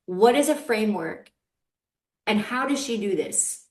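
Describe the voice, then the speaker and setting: A middle-aged woman, a dating coach hosting a podcast, talking candidly in an animated, emphatic way and laughing often. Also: medium pitch, a little slow. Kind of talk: candid conversational chat. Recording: echoey room.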